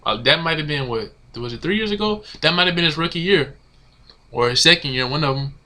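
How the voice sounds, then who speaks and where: A man's voice: on the high side, expressive, brisk, bright, forceful tone. A man ranting casually to his camera as a sports fan, exasperated and slangy, repeating himself. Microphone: camera mic.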